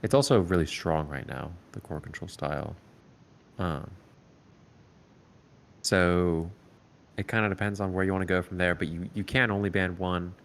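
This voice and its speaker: A man coaching a competitive team over voice chat, giving calm, step-by-step strategy advice with frequent "um"s. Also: deep voice, moderate pace, vocal fry, pauses often. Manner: calm, explanatory, filler-heavy advice. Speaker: esports coach.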